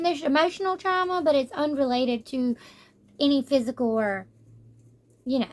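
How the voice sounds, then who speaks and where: A young woman giving a casual, animated manga review, exasperated and slangy. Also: sits high. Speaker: book reviewer.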